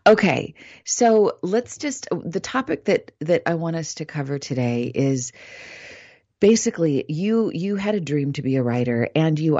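A woman hosts an online radio show in a warm, mellow voice. She is effusive and gushing, but can slip into a soothing, meditative tone. The recording is dull and lo-fi with a dry, close sound. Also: low-pitched, dry recording. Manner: soothing, meditative delivery in opening blessing.

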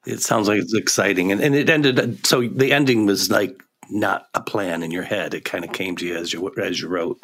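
A man's voice: low voice, normal speed, fairly bright tone. A man co-hosting an interview who gives short reactions that draw out the guest. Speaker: podcast co-host. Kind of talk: casual conversational interview.

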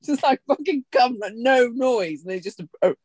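Animated swearing woman, casual podcast chat. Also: on the high side, normal speed, husky, dry recording. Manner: expressive, swears freely, jokey exaggerated fear. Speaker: podcast co-host.

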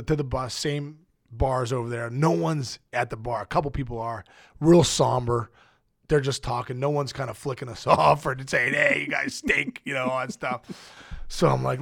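A middle-aged man, a podcast guest, telling a rambling, excitable story in casual chat and acting out the quotes with big jumps in his voice. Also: mid-range voice, vocal fry, dry recording, clean studio sound. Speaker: podcast guest, former baseball player.

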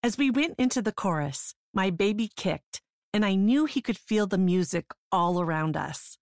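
A woman narrating her own memoir in the first person, in a measured, sober way. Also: mid-range voice, expressive, a little mellow, dry recording, studio quality.

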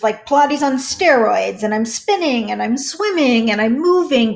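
A middle-aged woman with a slightly high voice talks candidly as a podcast guest. Her delivery is earnest and emotional, full of restarts and personal asides. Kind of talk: candid conversational interview.

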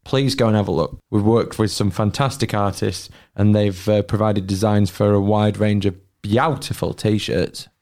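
A man with a low voice hosting a casual football podcast. He sounds upbeat as he moves the show along between segments. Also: fairly even intonation, moderate pace, few pauses, a little mellow. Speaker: podcast host.

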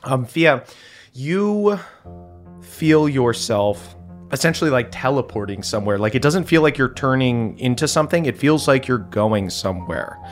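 A man narrating as game master of a tabletop role-playing game, relaxed and descriptive with frequent fillers. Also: mid-range voice, moderate pace. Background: soft background music.

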